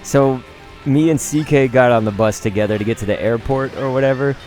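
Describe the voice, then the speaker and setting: A man commentating over gameplay, telling animated, profanity-laced stories in a rambling, casual way. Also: mid-range voice, a little fast, soft background music. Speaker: gaming commentator.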